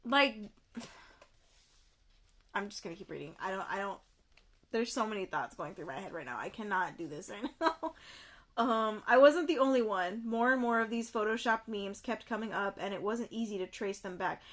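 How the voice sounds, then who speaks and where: A young woman streaming herself reading a book aloud and reacting, animated and quick to exclaim and repeat herself. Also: mid-range voice.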